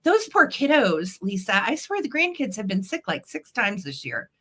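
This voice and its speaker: A woman's voice: medium pitch, wildly swooping pitch, normal speed, a bit bright. Bubbly woman greeting viewers. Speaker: live sale host. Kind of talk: chatty livestream greetings.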